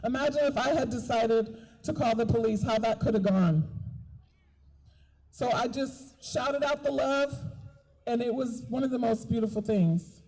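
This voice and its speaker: A doula speaking at a park rally gives a heartfelt protest address, driving home key phrases through repetition. Her voice sits a little high, warm in tone and measured in pace, though the recording quality is poor.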